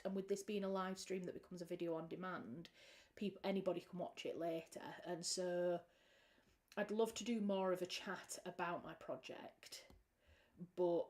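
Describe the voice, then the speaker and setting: A woman's voice: mid-range voice, darkish tone. A British woman, a writer hosting a livestream, chatting casually and rambling with frequent restarts.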